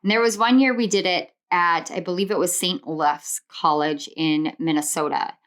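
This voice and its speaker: Here a woman with a voice on the low side, steady and fairly bright, reads tarot at a moderate pace in a spiritual pick-a-card session. Earnest and comforting, she strings affirmations together in rhythmic lists and slips into personal asides.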